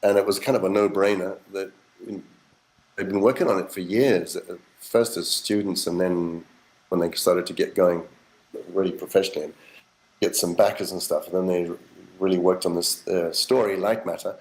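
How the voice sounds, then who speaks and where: A middle-aged man, a voice actor, telling animated stories in a casual interview, acting out quotes and swearing now and then. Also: low-pitched, normal speed, low-quality recording. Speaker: voice actor guest.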